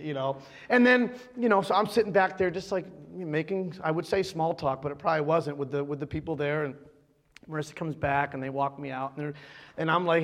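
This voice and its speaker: A man preaching a sermon as the pastor. He tells a personal story with animated storytelling and acts out the lines he quotes. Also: high voice, fairly quick, long reverb tail. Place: church sanctuary.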